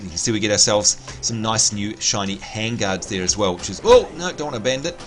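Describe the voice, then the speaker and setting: A man's voice: fairly low pitch, lively intonation, fast, few pauses. A man chatting casually through a live gameplay stream, talking to his viewers and grumbling at bugs. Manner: chatty, exasperated at bugs, talks to chat. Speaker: game livestreamer.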